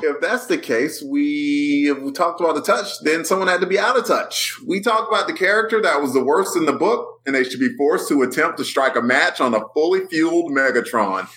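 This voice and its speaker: A man's voice: a little high, fairly quick, hardly any pauses, fairly bright tone, a little hiss or hum. A man hosting a casual comic-book podcast chat, laid-back and joking with his co-hosts. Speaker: podcast host.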